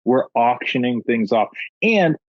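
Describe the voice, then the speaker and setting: Male guest, animated joker, mid pitch, muffled dry recording. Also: unhurried, dry recording. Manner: joking, animated storyteller. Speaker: podcast guest. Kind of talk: casual chat. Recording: dull lo-fi dry sound.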